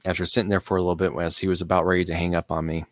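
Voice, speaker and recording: A man telling a personal story in an earnest, halting way, pausing and restarting as he explains things slowly. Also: low voice, little pitch movement, no room sound, clean studio sound. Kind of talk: personal story told to camera.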